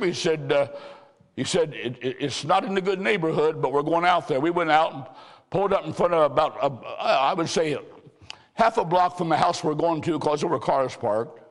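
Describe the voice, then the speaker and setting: A male preacher telling revival stories in a sermon, shifting between loud exclamations and slow, hushed emphasis. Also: mid-range voice. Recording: long hall reverb.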